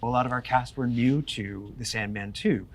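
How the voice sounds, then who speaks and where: A man on a panel speaking in a measured, articulate way about the show. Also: mid-range voice, fairly even intonation, a little hiss or hum. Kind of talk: panel discussion.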